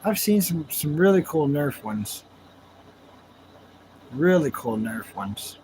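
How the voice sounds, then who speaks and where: Laid-back high-voiced streamer guy. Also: sing-song, takes it slowly, mellow, a little hiss or hum, poor audio. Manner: laid-back, chatty, laughs often, drawls greetings. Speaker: livestream host. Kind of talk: casual chat with live viewers.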